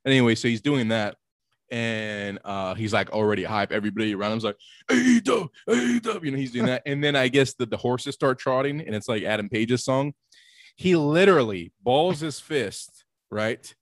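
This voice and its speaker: Young man, podcast co-host, casual chat, ranting and profane, average pitch, dry sound. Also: moderate pace, no room sound. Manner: profane, ranting, exasperated storytelling.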